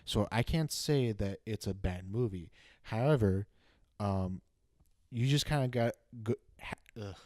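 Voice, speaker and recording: A young man with a low voice talks through a movie review in casual podcast chat. He hesitates and restarts as he works out his thoughts. The sound is dry and close. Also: a little slow, mellow, dry recording. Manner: hesitant, restarts often, thinks aloud. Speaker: podcast co-host.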